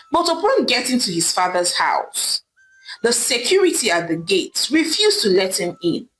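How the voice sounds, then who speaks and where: A woman narrating a scripted folktale in an expressive, dramatic storytelling manner. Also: mid-range voice, rough recording.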